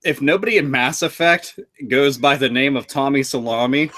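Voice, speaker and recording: A man's voice: medium pitch, moderate pace, pushed and bright. Laughing man with stumbling restarts. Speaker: podcast panelist. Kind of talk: casual chat.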